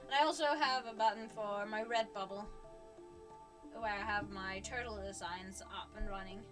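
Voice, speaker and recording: A woman's voice: medium pitch, steady tone, normal speed, far from the mic, music in the background. A woman streamer chatting casually on a livestream, giggly and flustered, often stopping to restart her sentences.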